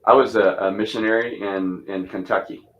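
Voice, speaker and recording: Low-voiced pastor, 50s, rambling storyteller, lots of ums and restarts, light twang. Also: male voice, steady tone, normal speed, lo-fi sound. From Texas. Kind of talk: casual chat about church missions.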